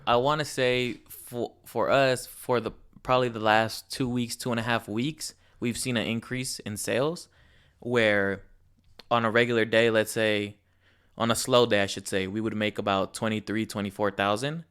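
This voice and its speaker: Male co-host, low voice, smooth tone, laid-back and swears a lot. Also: fairly even intonation, normal speed, a bit bright. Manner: blunt and profane, laid-back. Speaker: podcast co-host; grocery store worker. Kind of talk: casual chat.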